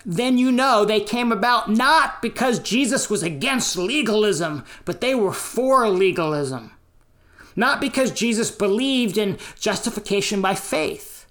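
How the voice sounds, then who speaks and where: An American man preaching a sermon in a measured, deliberate way, pausing between phrases. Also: sits high, fairly bright tone. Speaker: pastor.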